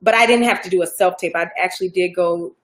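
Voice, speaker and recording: Southern woman from Georgia, low voice, loose chatty delivery with fillers; interview guest. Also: quick pace. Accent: Southern American. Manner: relaxed, chatty, many fillers and restarts. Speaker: actor guest. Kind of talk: casual interview chat.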